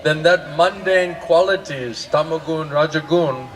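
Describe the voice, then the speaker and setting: A man's voice: fairly high pitch, a little slow. A man, a monk, giving a morning scripture class in a chatty, joking sermon style. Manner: joking, chatty, laughs often. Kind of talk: conversational sermon. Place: temple class in India. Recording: distant mic with noisy ambience.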